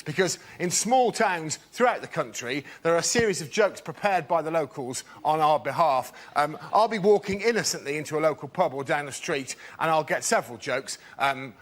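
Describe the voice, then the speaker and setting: A man's voice: fairly high pitch, fairly bright tone. Indignant man doing stand-up. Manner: mock-indignant storytelling. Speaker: stand-up comedian on a panel show. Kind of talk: stand-up routine. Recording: audience laughter and noisy stage.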